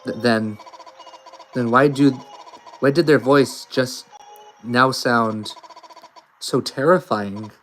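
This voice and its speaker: A man's voice: medium pitch, takes it slowly, long pauses, fairly bright tone, soft background music. A man voicing a nervous, timid teenage girl who stammers and hesitates. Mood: startled nervous.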